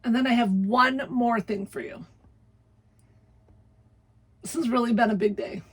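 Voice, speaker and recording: Brief: upbeat woman vlogger, slightly high, breathy, chatty. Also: unhurried, no echo. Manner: chatty, laughs often. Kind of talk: casual vlog narration.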